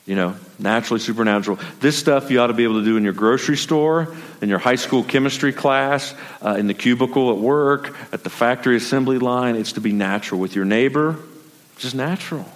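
A man's voice: mid-range voice, fairly quick. A man preaching a sermon in a loose, conversational storytelling manner and sometimes repeating his words. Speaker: pastor. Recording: long reverb of a large hall.

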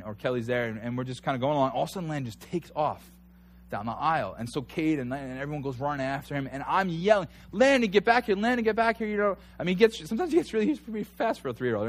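A man in his thirties preaching a conversational sermon, telling stories with animated energy and rising to near shouts at times. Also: mid-range voice. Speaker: pastor.

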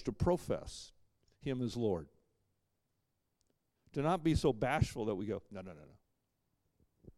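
A man preaching a sermon as pastor, emphatic, swinging between loud punches and quiet asides, with dry joking asides. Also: mid-range voice, no echo.

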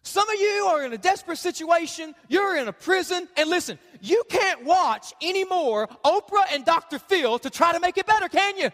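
A man preaching as a pastor, lively and conversational, often putting on the voices of the people he quotes. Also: very high-pitched, moderate pace, hardly any pauses, big-room sound. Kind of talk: sermon. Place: church.

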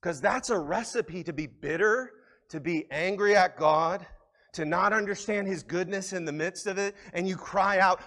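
Guy pastor preaching a sermon in church, kinda high voice, pushes hard then goes soft and close. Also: moderate pace. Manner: earnest preaching, rising to emphatic peaks then dropping to soft, intimate asides. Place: church sanctuary.

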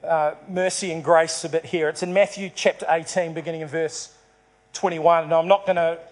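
Delivering a sermon to a congregation, this pastor narrates a parable and performs its dialogue. He speaks at a normal speed in a voice that's a little high, with fairly even intonation.

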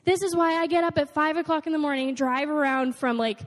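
A young woman giving an animated storytelling talk to an audience, acting out the voices of the people she quotes. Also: sits high, a little fast. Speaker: nonprofit volunteer speaker. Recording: long hall reverb.

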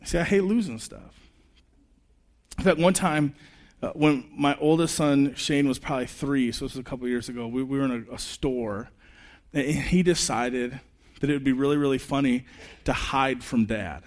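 A man in his thirties preaching a sermon in a conversational way, telling personal stories with quick asides. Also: medium pitch. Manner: animated, chatty storytelling with quick asides. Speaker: pastor.

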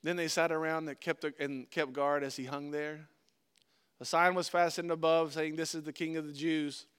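Earnest preacher man, clear voice. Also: on the high side, little pitch movement. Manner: earnest preaching, swinging between loud stresses and hushed, slowed phrases. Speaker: pastor. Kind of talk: sermon with scripture reading.

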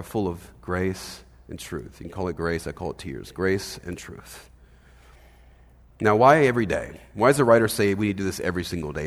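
A man preaching a sermon as pastor, conversational and animated, often checking in with "right?". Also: medium pitch, in a large hall. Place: church hall.

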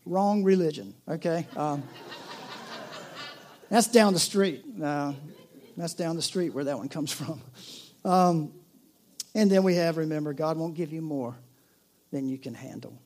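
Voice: medium pitch, unhurried, long pauses. Conversational preacher, joking then earnest. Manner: conversational preaching, jokey asides, drops to soft earnest tone. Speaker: pastor. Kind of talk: sermon.

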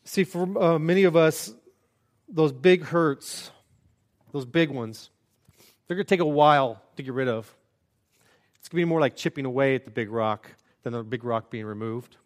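A man's voice: mid-range voice, normal speed, pauses often. A man preaching a sermon as a pastor, earnest and conversational, with self-deprecating asides.

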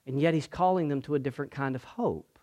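A man preaching a sermon as pastor, moving from hushed, slow passages to loud, emphatic ones. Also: a little high.

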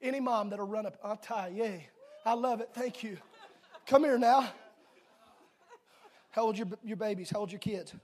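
A middle-aged man preaching a sermon in a church, swinging between emphatic shouted declarations and quiet, chatty asides to the congregation. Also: high-pitched, normal speed, pauses often, a faint crowd.

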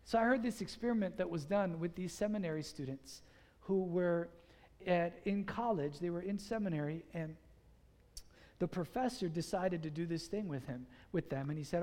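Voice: mid-range voice, normal speed. A pastor delivers a sermon in an easy, chatty way, full of casual fillers. They push the congregation to repeat phrases back. The voice rings out with a long reverb in a large church hall. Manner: energetic and conversational, has the congregation repeat phrases.

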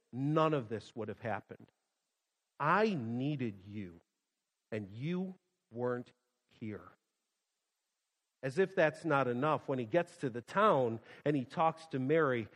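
A male pastor preaching a sermon, swinging from loud emphasis to hushed quiet and repeating phrases for emphasis. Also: high-pitched. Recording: long hall reverb.

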